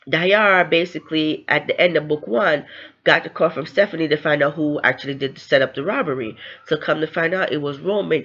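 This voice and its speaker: A woman's voice: deep voice, fairly bright tone, lo-fi sound. A woman recapping a novel in a casual, chatty way, with fillers and tag questions. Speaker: book reviewer.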